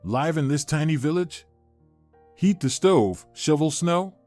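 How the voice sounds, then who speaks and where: A man narrating a family story in a steady storytelling manner. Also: a little high, measured pace, no echo, soft background music. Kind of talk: scripted narration.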